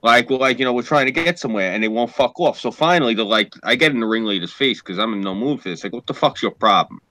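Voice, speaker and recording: A man's voice: mid-range voice, fast, no echo, low-quality recording. A man telling a story in a casual podcast chat, swearing often and with lots of energy. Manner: profane, animated storyteller.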